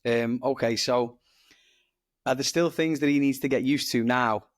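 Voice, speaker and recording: A man's voice: mid-range voice, normal speed, dry recording, clean studio sound. A man hosting a podcast, asking friendly questions and chipping in short replies. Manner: friendly, brief prompts. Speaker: podcast host. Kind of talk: conversational interview.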